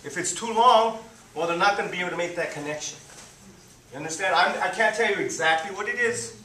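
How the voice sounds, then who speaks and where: A man teaching a group how to guide visually impaired students, repeating "boom" to mark each point as he demonstrates. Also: fast talker, pushed and bright, slight background noise. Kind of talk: live demonstration talk. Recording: echoey room, speaker far from mic.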